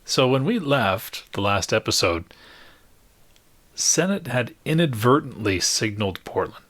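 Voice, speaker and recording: A man narrating a tabletop game as game master, slow and wry, with puns and chuckles. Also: mid-range voice, sing-song, fairly bright tone, no echo.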